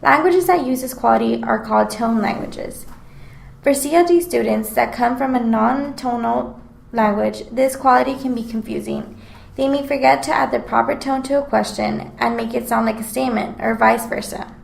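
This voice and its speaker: A woman's voice: fairly high pitch, moderate pace, creaky, echoey room, low-quality recording. A woman reading aloud a scripted class presentation in an explanatory tone. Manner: reads aloud in an explanatory, even tone. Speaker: student presenter.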